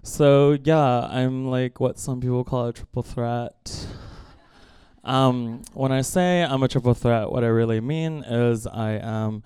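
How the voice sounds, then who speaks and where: A male comedian on stage, rambling in a self-deprecating way and peppering his lines with "like". His voice is very crisp and clear, with a dry, close sound. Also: medium pitch, steady tone, slow pace, darkish tone, no room sound. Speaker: comedian and musician. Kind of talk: stand-up comedy set.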